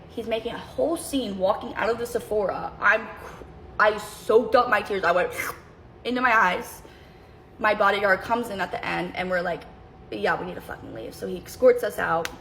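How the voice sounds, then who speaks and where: A woman's voice: mid-range voice, normal speed, pauses often, fairly bright tone, a little hiss or hum, low-quality recording. A young adult woman telling a personal story in a casual storytime, rambling and cutting herself off to jump between tangents. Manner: rambling, self-interrupting, jumps between tangents.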